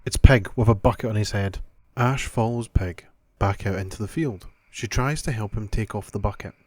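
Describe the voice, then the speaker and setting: A man narrating a children's adventure story in a calm, steady way. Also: on the low side, normal speed, dry recording.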